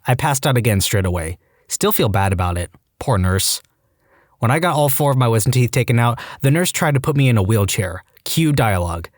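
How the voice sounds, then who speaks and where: Guy reading internet stories out loud, deadpan funny, voice swings up and down a lot. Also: medium pitch, a little fast, dry recording, clean studio sound. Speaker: story narrator. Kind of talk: reading online stories aloud.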